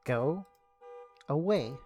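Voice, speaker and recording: A man's voice: on the high side, expressive, extremely slow, mellow, faint music behind. A man voicing a hostile, foul-mouthed young female pterodactyl girl in a game read-through. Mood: defiant. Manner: snarling, swearing, dismissive.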